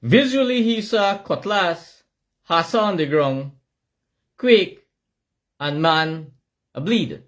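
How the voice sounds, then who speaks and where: A middle-aged Guyanese man with a Guyanese accent, giving an impassioned, shouting monologue with emphatic repetition. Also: a little high, lively intonation, slow, long pauses.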